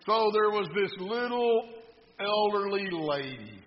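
A male pastor leading prayer and preaching a sermon, telling a joke and swinging from quiet asides to loud, animated lines. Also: high-pitched, slow pace. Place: church sanctuary. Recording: muffled sound in a reverberant hall.

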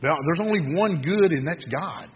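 Man playin a gently teasing teacher figure, bit husky, echoey hall. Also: a little high, animated, moderate pace. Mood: probing. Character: calm male teacher questioning a follower. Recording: echoey hall, dull lo-fi sound.

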